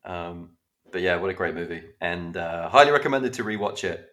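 A man's voice: deep voice, animated, normal speed, fairly bright tone. A man co-hosting a casual podcast, chatty and given to casual swearing as he retells scenes. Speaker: podcast co-host. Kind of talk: casual chat.

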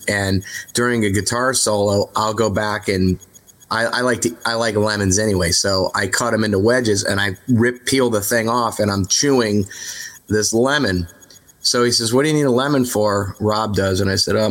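Candid lower-voiced man telling tour stories. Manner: rambling anecdotes with many fillers and restarts; relaxed, candid, mildly profane. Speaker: rock singer, podcast guest. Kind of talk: casual interview storytelling.

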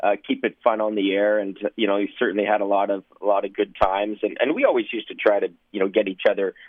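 A man spins sports-broadcasting anecdotes over a tinny, phone-like line, his voice low and close. He rambles, packs his talk with fillers and keeps breaking into laughter. The sound is dry, with no room around it. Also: fast talker, no room sound. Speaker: former sportscaster, guest. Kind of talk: anecdotal storytelling.

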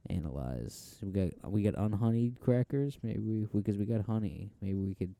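A man's voice: fairly low pitch, normal speed, creaky, warm tone, no room sound. A man co-hosting a casual podcast, rambling and swearing with frequent stammered restarts. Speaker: podcast co-host. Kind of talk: casual chat. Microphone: headphones and laptop setup.

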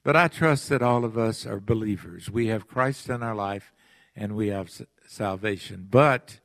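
A man preaching a sermon in a church, earnest, asking the congregation pleading questions and pausing between phrases. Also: on the low side, vocal fry, a bit bright, no echo. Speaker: pastor. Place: church sanctuary.

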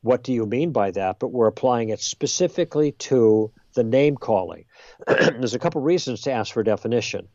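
A man guest on a podcast, explaining ideas in a lively conversational way and acting out exchanges. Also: medium pitch, normal speed, dry recording, muffled recording. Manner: lively, role-plays exchanges with emphasis. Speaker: guest author.

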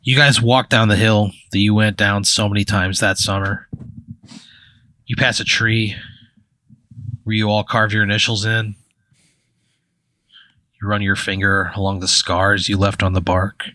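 A man's voice: lowish voice, flat delivery, measured pace, pauses often, pushed and bright, dry recording. A man hosting a comedy podcast, narrating a rambling second-person hypothetical full of "like" and swearing. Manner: rambling, heavy use of "like" and swearing. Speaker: podcast host spinning a hypothetical.

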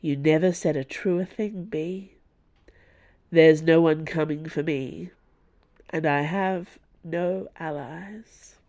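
Woman voicing a calm scheming nobleman. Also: low voice, lo-fi sound. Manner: measured, calm, wistful. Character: male noble prisoner, scheming, silver-tongued.

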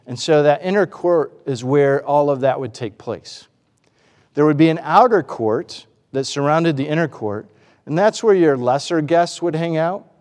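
A man's voice: a little high, a little slow, a little mellow, big-room sound. A man preaching a sermon, asking the congregation rhetorical questions and acting out the voices he quotes. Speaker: pastor.

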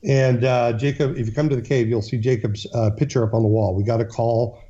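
A man's voice: mid-range voice, fairly even intonation, brisk, mellow, highs cut off. A man, a guest in an interview, telling a long story earnestly, with frequent restarts and fillers.

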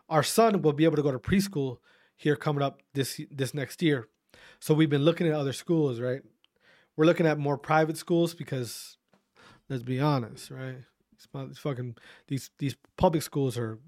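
A man in his thirties hosts a podcast, talking straight to his listeners in a loose storytelling monologue. His voice sits a bit higher than most men's, and he swears freely and restarts his sentences as he goes. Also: dry recording, clean studio sound. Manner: profane, animated, self-interrupting. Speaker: podcast host.

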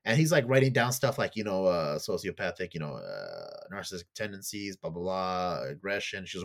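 A man's voice: sits low, very animated, a little fast, vocal fry, hardly any pauses. A man on a casual podcast, animatedly retelling a TV plot in a rambling way, full of fillers and casual swearing. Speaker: podcast co-host.

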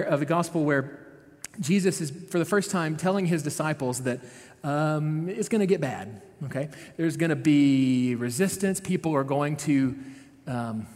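A man, a pastor, giving a conversational sermon, retelling a story with frequent "right?" asides. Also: a little high. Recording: long reverb of a large hall.

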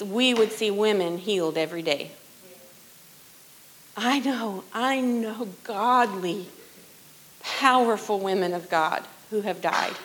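A middle-aged woman sharing a personal testimony in church, earnest and conversational, often dropping to a hushed voice. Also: a little high, low-quality recording. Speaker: worship leader sharing testimony.

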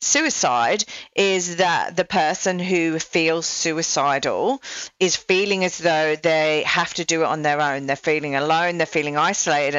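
A woman's voice: lowish voice, a bit bright, clean tone, no room sound. A woman hosting a podcast interview, who talks in a thoughtful way and builds her points with restarts. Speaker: podcast host. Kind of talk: conversational interview. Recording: dull, dry lo-fi audio.

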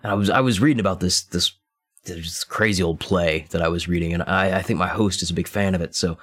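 Guy doing a deep-voiced detective playing the chatty tourist, all eager and friendly. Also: a little fast, a bit bright. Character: male private eye posing as a perky tourist.

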